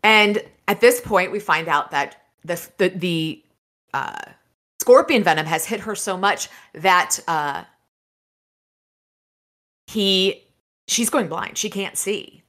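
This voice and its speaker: A woman co-hosting a casual book podcast, chatting about chapters and reading passages aloud in an animated way. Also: fairly low pitch, takes it slowly, pauses often. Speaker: podcast co-host.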